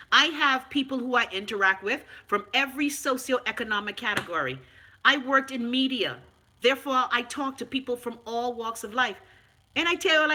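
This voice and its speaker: Speaking in a high, bright, pushed voice, a middle-aged Bahamian vlogger launches into an unscripted rant. Her tone is emphatic and sarcastic, with plenty of profanity.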